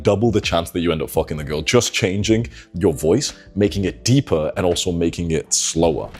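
A man's voice: sits low, darkish tone, husky. A young man giving dating advice in casual talk to the camera, sitting indoors late at night, blunt and swearing. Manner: blunt, swearing, confiding, persuasive. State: tired late-night morning voice.

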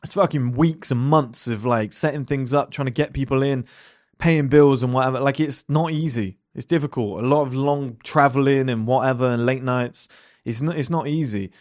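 Young guy ranting casually, swears a lot, mid pitch, dry close sound. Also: moderate pace, a little mellow, no room sound. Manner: blunt, swearing, rambling with lots of fillers and rhetorical questions. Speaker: entrepreneur talking to camera. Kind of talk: casual monologue. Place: at his desk.

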